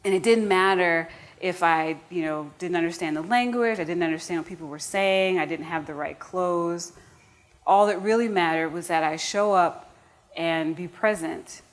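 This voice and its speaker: American woman storyteller, lowish voice, earnest with audience asides, live stage. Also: moderate pace. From United States. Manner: earnest and warm-humored, with frequent restarts and asides to the audience.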